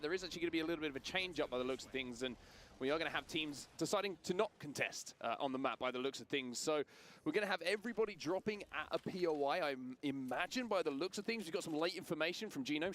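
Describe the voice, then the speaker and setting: A man casting an esports match with energetic, rising emphasis. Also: on the high side, fast, slight background noise. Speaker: esports caster. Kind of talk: play-by-play esports commentary.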